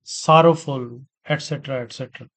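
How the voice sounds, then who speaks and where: A man teaching an English grammar lesson, speaking deliberately, repeating words and spelling out letters. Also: medium pitch, fairly even intonation. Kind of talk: slow spoken grammar lesson.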